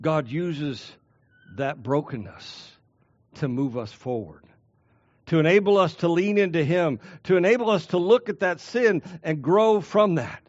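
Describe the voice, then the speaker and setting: Male pastor, high voice, earnest expository preaching, dry close sound. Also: animated, darkish tone, no room sound, lo-fi sound. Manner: earnest, emphatic repetition with slow stressed phrases. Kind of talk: expository sermon.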